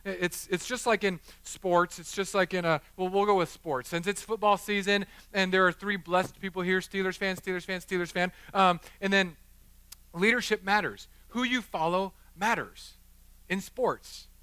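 A middle-aged man preaching a sermon as the church pastor, joking with the congregation and acting out the people in his stories with lively energy. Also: high-pitched, moderate pace, clear, resonant tone, no room sound. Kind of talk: sermon with storytelling. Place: church chapel.

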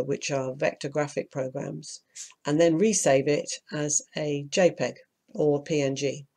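A voice, croaky and gravelly from hay fever, talks through an on-screen tutorial. The delivery is practical and step by step, with a mid-range pitch and the odd grumble about fiddly steps. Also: a little mellow. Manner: practical, explains step by step, mild asides of annoyance. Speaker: self-publishing tutor. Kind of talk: screen-recorded tutorial walkthrough.

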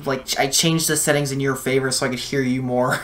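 A man hosting a let's play, giving casual gameplay commentary over a voice chat, with loud yelled reactions and lots of swearing. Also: mid-range voice, fairly quick. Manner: excitable, yelling reactions, heavy swearing. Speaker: let's play host and player.

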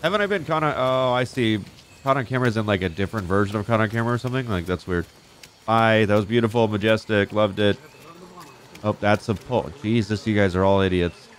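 A man with a fairly low voice riffs through gameplay commentary, swearing freely and getting excitable. He jokes around and talks back at the characters on screen. A faint hiss of noise sits under his voice. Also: brisk. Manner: excitable, profane, jokey, talks to game characters. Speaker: gaming YouTuber.

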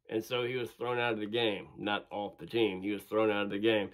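A man's voice: fairly low pitch, fairly even intonation, moderate pace, fairly bright tone. A man casually telling a personal story in a conversational way, with fillers and restarts.

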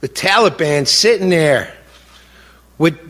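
A man's voice: on the high side, expressive, slow, fairly bright tone. A middle-aged man speaking as a grieving father in an impassioned public speech, indignant and repetitive, his voice rising with anger. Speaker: grieving father of a fallen soldier. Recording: long reverb of a large hall.

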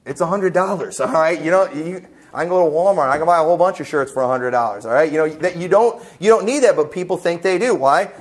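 High-voiced emphatic male preacher. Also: quick pace. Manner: emphatic, conversational preaching with rhetorical questions. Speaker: pastor. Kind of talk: sermon. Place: church.

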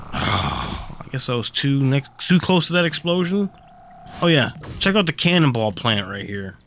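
Man, game streamer, casual commentary, swearing, grumbling, medium pitch. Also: sing-song, unhurried, fairly bright tone, a little hiss or hum. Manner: frustrated, profane, grumbling. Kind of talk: casual live gameplay commentary.

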